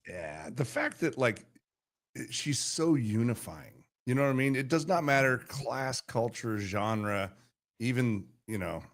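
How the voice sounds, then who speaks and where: Male co-host, mid voice, quiet side comments. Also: mid-range voice, expressive, a little slow. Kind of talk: casual chat.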